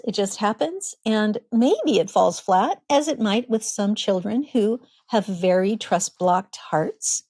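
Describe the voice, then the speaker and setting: Middle-aged woman therapist, podcast host: mellow, relaxed tone, warm and playful, sometimes leaps into goofy high voices. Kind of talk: solo podcast talk.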